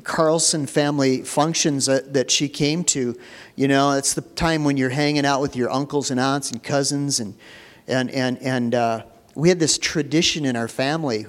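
A middle-aged man preaching a sermon as a pastor, telling folksy stories and repeating phrases for emphasis. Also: medium pitch. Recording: long hall reverb.

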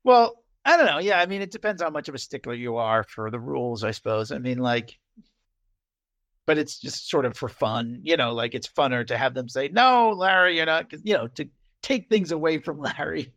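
A man co-hosts a casual podcast, retelling a TV episode and jumping into loud voices for each character. His voice sits high with a gravelly fry and a bright, forceful edge. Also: moderate pace. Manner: animated, acts out lines in loud shifting voices. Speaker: podcast co-host. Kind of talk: casual chat recapping a TV episode.

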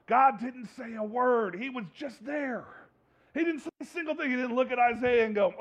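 Male pastor, sermon with casual jokes and repetition, very high voice, muffled recording. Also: animated, normal speed, fairly bright tone. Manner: conversational preaching with joking asides and repeated phrases.

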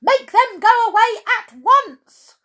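A woman voicing a bossy little storybook lady, shrill and demanding. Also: animated, slow pace, fairly bright tone, full character voice. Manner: shrill, commanding.

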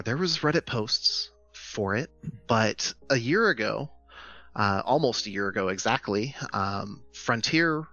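A man's voice: lowish voice, bright, forceful tone, no echo, muffled recording. A man co-hosting a casual podcast, enthusiastically explaining tools step by step. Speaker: podcast co-host presenting game news.

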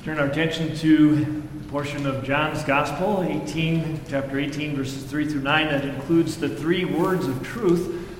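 A pastor giving a sermon, reading scripture and then preaching in a conversational way, acting out the quoted lines with feeling. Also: male voice, steady tone, measured pace. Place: church sanctuary. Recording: echoey hall with faint rumble.

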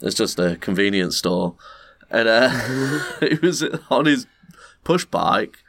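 A low-voiced man tells a rambling story on a podcast. He swears freely and jumps into loud, high imitations of other people. The sound is dry and close to the mic. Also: lively intonation, takes it slowly, no room sound. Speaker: podcast co-host. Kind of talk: casual storytelling chat.

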